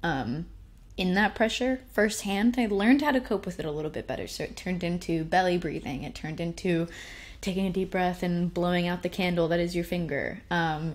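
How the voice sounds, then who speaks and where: Lively young woman telling a story. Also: on the low side. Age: young adult. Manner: animated, self-deprecating, laughs often. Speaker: speaker sharing personal stories. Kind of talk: casual storytelling talk.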